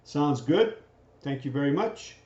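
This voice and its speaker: A man's voice: a little high, animated, measured pace, dark tone. Man lecturing, tagging "right?" often. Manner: keeps asking "right?" to check understanding. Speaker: teacher. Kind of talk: recorded grammar lecture. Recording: dull, roomy lecture recording.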